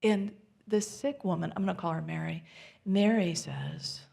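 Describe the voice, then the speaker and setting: A woman minister giving a sermon in a church, speaking gently and intimately, often sinking to soft near-whispers. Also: medium pitch, moderate pace, vocal fry. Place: church sanctuary.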